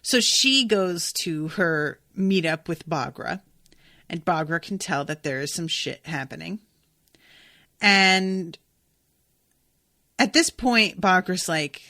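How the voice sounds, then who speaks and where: A woman hosting a podcast, recapping a novel in a casual, animated, profane way. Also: fairly low pitch, slow, no room sound, clean studio sound. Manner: chatty, profane, animated retelling. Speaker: podcast host recapping a book. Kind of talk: casual book recap with read-aloud passages.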